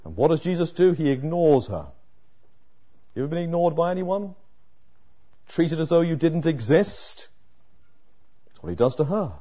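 A man preaching an expository sermon, dramatic, moving from hushed lines to emphatic ones. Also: on the high side, animated, moderate pace, pauses often. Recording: muffled lo-fi sermon recording.

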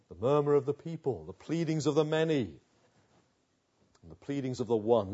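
A man's voice: mid-range voice, lively intonation, normal speed, pauses often, mellow, husky, dull audio. A man preaching a sermon, building vivid pictures through repeated rhetorical questions.

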